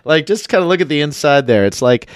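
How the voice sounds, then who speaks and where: A man's voice: a little high, expressive, quick pace, dry recording. Laughing man chatting while tasting bread. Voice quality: laughs often and restarts sentences. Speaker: co-host tasting food. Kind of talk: casual chat.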